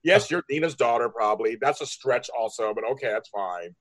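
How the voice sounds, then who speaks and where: A man co-hosting a soap recap show in casual, gushing chat. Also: mid-range voice. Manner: animated, quick, gushing.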